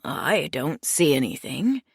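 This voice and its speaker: A man's voice: a little high, sing-song, slow, gravelly, breathy edge, no echo, studio quality, pitched below the performer's own voice, exaggerated voice. A woman doing a nasal old man. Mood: helpful. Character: old man in his late seventies, hip, helpful.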